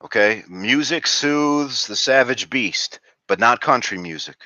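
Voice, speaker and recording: A man's voice: mid-range voice, lively intonation, unhurried, pushed and bright, dry recording. A man doing a reaction commentary vlog, ranting crudely and rambling with fillers and restarts. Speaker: video commentator. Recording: dull lo-fi dry recording.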